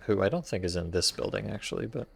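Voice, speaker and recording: A man's voice: lowish voice, fast, creaky, husky. A man streaming a game, giving wry, playful commentary to his chat as he explores. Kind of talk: casual gameplay commentary.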